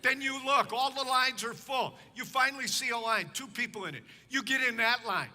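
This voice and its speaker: Very high-voiced, bright preacher man. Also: moderate pace, big-room sound. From Chicago, United States. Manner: animated, humorous, exasperated storytelling. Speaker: pastor. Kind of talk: storytelling sermon. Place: church sanctuary.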